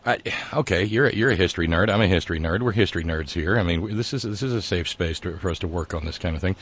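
A man's voice: deep voice, quick pace, fairly bright tone, husky. A man co-hosting a casual political chat, rambling and sarcastic, with many fillers and restarts. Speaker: podcast co-host.

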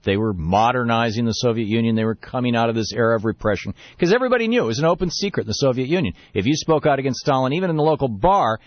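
A man's voice: on the low side, dry recording, muffled recording. A man hosting a radio talk show, telling a long story and then ranting emphatically about politics. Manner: rambling storyteller, building to emphatic rant. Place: radio studio.

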